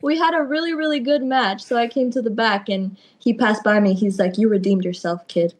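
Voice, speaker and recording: A young woman, a wrestler guest on a video call, telling her stories in a lively way and acting out what people said. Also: a little high, a little fast, noisy background. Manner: lively storytelling, acts out quotes. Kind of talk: casual interview.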